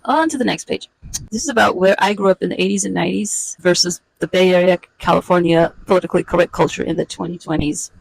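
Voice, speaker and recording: A woman in her forties casually walking through her own comic pages, sardonic and halting, with frequent fillers. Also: lowish voice, gravelly, slight background noise, low-quality recording. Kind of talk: casual walkthrough narration.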